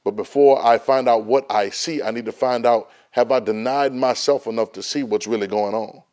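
A man's voice: medium pitch, normal speed, a little mellow. A man teaching a Bible study class, emphatic and folksy, often repeating words as he restarts a thought. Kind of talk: Bible study lesson, preaching.

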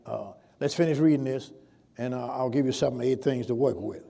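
A man preaching a sermon, dwelling on scripture verses and building to loud, drawn-out emphasis. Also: mid-range voice, vocal fry. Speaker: pastor.

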